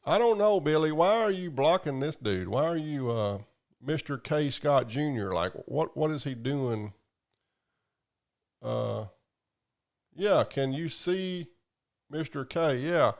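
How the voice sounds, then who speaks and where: This man's voice is a little high with lively intonation, and he speaks slowly with long pauses. He's hosting a live stream, reading viewer comments in a casual, profane, rambling drawl.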